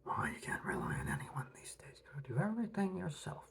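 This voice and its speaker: A man doing a whispered, raspy impression of a menacing, playful male villain, with a slow and taunting sing-song delivery. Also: sits high, lively intonation, fairly bright tone, voice pushed up, exaggerated voice.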